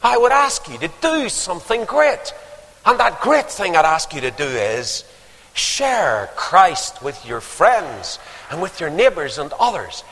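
Animated preacher in a reverberant church. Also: male voice, high voice, measured pace. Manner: storytelling, rising to emphatic exhortation. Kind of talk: sermon. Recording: long hall reverb.

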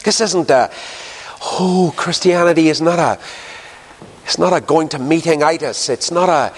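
A man preaching a sermon, lively and conversational, jumping up in pitch to stress a point. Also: unhurried, slightly rough. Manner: animated, jumps in pitch for emphasis. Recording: long hall reverb.

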